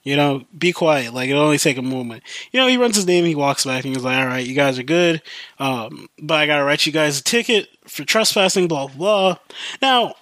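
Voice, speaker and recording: A man's voice: a little high, expressive, a little fast, a bit bright, dry recording. A young man hosting a podcast, telling a long story in a casual, rambling way, full of fillers. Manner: rambling, heavy use of fillers like "like" and "you know". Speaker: podcast host.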